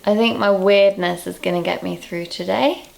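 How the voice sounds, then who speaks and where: A young woman from England talking casually to camera in a vlog, candid and quick to laugh at herself, a little out of breath. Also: mid-range voice, fairly even intonation, creaky. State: out of breath, low on energy. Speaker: vlogger.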